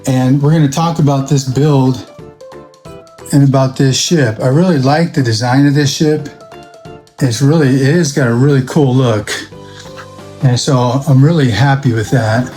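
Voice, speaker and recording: At a workbench in his home workshop, a man who builds models from toy scrap hosts a casual vlog for his channel, talking in a chatty, rambling, self-amused way. His voice is mellow and medium-pitched, and he speaks at a normal speed. The room sounds echoey, with faint music playing.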